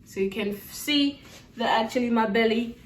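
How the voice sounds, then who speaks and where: A woman's voice: a little high, normal speed. Chatty woman teaching singing in an echoey room. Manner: chatty, demonstrating breathing as she explains. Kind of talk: casual video lesson. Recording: echoey room from far off, faint noise.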